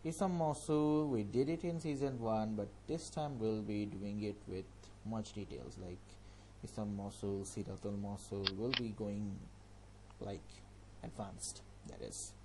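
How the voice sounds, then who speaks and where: Guy with a lowish voice going over an online course plan, casual and chatty, thinks out loud. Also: measured pace, noisy background. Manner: informal and chatty, talks a topic through out loud. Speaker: Arabic language teacher.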